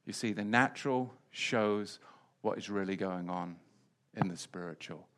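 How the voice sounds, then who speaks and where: A man's voice: lowish voice, a little slow, fairly bright tone. A man preaching a Bible lesson in an emphatic way, often repeating key phrases. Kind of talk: Bible teaching.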